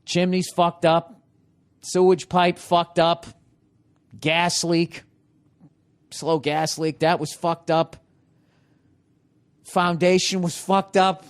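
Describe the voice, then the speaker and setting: A man's voice: slow, long pauses, smooth. Profane ranting male podcast host. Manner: animated, profanity-laced ranting that swings between loud outbursts and low muttering; rhetorical questions to listeners. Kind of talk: profane comedic rant.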